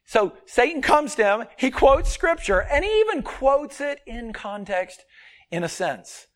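A man preaching a sermon, earnest and emphatic, swinging between loud stressed points and quiet asides. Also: very high-pitched, sing-song, measured pace.

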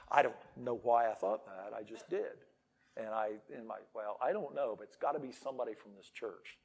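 A middle-aged male pastor preaching a sermon. He swings between loud, emphatic declarations and quiet asides. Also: on the low side, moderate pace, breathy edge.

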